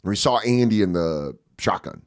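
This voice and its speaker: A man in his forties telling a story casually as a podcast guest, profane and animated, acting out voices loudly. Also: fairly low pitch, normal speed.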